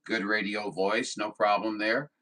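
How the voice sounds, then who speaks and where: A man from southern Missouri chats over a sideband radio in a low voice with a bright, forward edge. He talks in a folksy, easygoing way, apologizing often and filling pauses with plenty of ums and uhs. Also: flat delivery, low-quality recording. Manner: folksy and apologetic, with many fillers. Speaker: CB radio operator. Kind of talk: casual radio chat.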